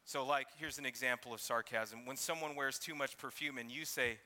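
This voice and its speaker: A man's voice: medium pitch, fairly even intonation, fairly quick, hardly any pauses, bright, forceful tone, big-room sound. A man preaching an expository sermon, reading scripture and sometimes acting out mocking voices. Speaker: pastor.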